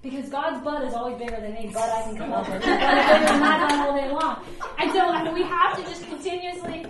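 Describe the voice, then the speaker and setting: A woman preaching a sermon to a gathered room, animated and conversational, often acting out quotes in other voices. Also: sits high, quick pace, heavy reverb, recorded from a distance, a loud crowd, poor audio. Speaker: ministry leader preaching.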